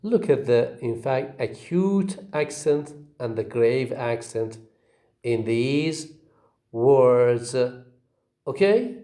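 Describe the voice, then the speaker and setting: Male lecturer, unhurried, drills words by repetition, asks and answers his own questions, warm low tone. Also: expressive. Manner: repeats each example word slowly for drilling. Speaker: teacher. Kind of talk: phonetics lecture.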